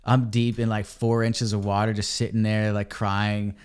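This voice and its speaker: A man, a podcast guest, telling a story in a casual, animated way and calling people dude and man. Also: lowish voice, moderate pace, clear, resonant tone. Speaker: podcast guest, ebike company cofounder.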